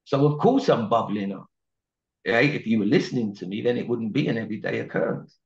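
A man's voice: medium pitch, expressive, a little fast, gravelly, lo-fi sound. A man, a singer talking earnestly about growing up, leaning on "you know" and "right?". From South London, England. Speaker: singer, interview guest. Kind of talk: candid reflective interview talk.

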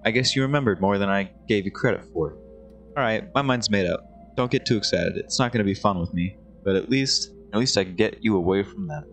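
Grudging game older sibling, gruff and low, read out by a man. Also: fairly quick, fairly bright tone, soft background music, natural voice. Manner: gruff, grumbling.

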